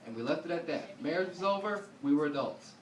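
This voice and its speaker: Profane high-voiced stand-up comic in a roomy club. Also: male voice, fast talker. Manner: profane storytelling with deadpan asides, voicing others in quotes. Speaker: stand-up comedian. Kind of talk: stand-up comedy set. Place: comedy club stage before a live audience. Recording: roomy club sound, distant mic, audience noise.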